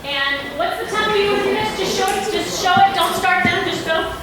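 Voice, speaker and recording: A woman's voice: very high voice, fairly quick. A woman coaching a student conductor at a band rehearsal, asking him questions and explaining to the group. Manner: lively, asks the conductor questions. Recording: echoey room with clear background noise.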